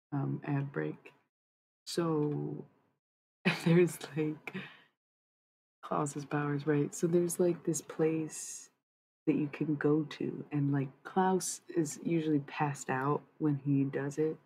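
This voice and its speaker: A woman's voice: sits low, gravelly, mellow, a little hiss or hum, poor audio. A woman livestreamer rambling casually with her viewers, cursing freely as she talks. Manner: rambling, profane, chatty.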